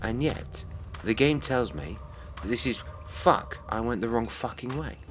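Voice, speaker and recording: Low-voiced guy swearing at a game stream, faint hum behind. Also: fairly bright tone. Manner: sweary, exasperated muttering. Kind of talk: casual game-stream commentary.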